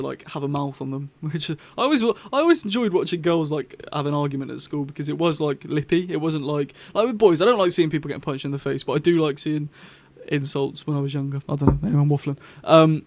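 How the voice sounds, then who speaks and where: A man's voice: a little high, steady tone, fast, few pauses, darkish tone. A young man, hosting a casual vlog review in a rambling, chatty, enthusiastic way. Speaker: YouTube host.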